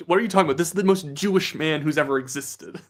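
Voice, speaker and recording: A young Canadian man with a higher voice talks fast while hosting a casual livestream. Chatty and upbeat, he reads viewer comments out loud.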